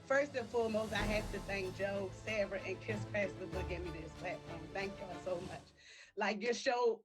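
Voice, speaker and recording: A woman's voice: medium pitch, moderate pace, music in the background. A woman reading a prepared acceptance speech for a streaming award, emotional and near tears. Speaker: live-stream creator receiving an award.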